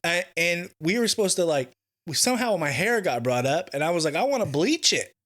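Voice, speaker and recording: A man in his forties co-hosting a podcast, telling stories in a profane, animated way that swings from mumbles to loud bursts. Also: high-pitched, fairly quick. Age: 40s. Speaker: podcast co-host, jiu-jitsu black belt. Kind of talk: casual podcast banter.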